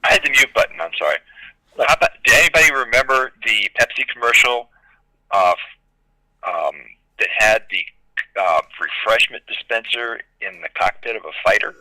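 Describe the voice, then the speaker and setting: A man joins over a video call, his very bright voice swinging up and down as he tells a story with animation. The sound is dry and close. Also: mid-range voice, expressive, normal speed, no echo, low-quality recording. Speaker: livestream guest. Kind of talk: casual chat.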